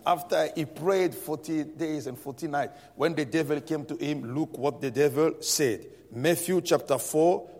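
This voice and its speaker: A man preaching a Sunday morning sermon, emphatic and repetitive, punctuating points with "Amen" and leading the congregation in reading together. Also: a little high. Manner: emphatic preaching with repeated "Amen" and call-and-response. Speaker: pastor. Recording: long hall reverb.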